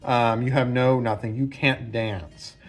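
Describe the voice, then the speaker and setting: A man's voice: medium pitch, steady tone, unhurried. A man briefly voicing a mocking, pompous British dancer in his own everyday voice, sneering and condescending.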